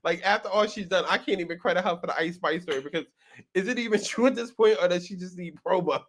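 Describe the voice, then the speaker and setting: A man's voice: high voice, quick pace, a bit bright. A man hosting casual reaction commentary, talking in a sassy way, laughing often and repeating words for emphasis. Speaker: host.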